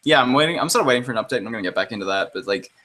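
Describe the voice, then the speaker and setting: A man co-hosting a casual gaming podcast, sarcastic and quick to swear, laughing often as he chats. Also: medium pitch, expressive, bright, forceful tone, low-quality recording. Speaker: podcast co-host. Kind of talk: casual chat.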